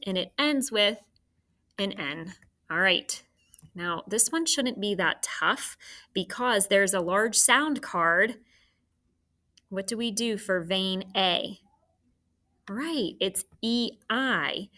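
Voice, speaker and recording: Slow, patient woman teaching phonics. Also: medium pitch, pushed and bright. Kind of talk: phonics lesson to children.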